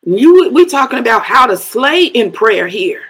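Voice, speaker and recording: A woman's voice: a little high, sing-song, measured pace, fairly bright tone, slightly rough, rough recording. A middle-aged woman preaching a sermon, breaking into speaking in tongues and laughing between phrases.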